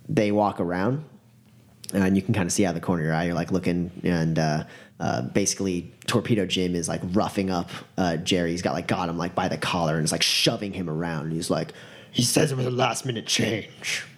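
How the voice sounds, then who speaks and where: A man narrating a tabletop game as game master, casual and halting with many fillers. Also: low-pitched, fairly even intonation.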